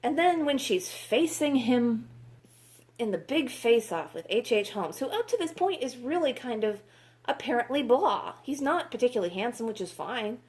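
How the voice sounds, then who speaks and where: A woman's voice: fairly high pitch, big pitch swings, normal speed, darkish tone. Exasperated woman ranting about books. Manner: exasperated, profane, sarcastic. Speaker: book reviewer. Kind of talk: ranting vlog review.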